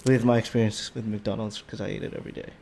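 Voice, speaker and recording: An Australian man telling a story on a casual podcast, animated and swearing freely, his voice jumping up when he gets indignant. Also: lowish voice, fast, vocal fry, slight background noise. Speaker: podcast co-host.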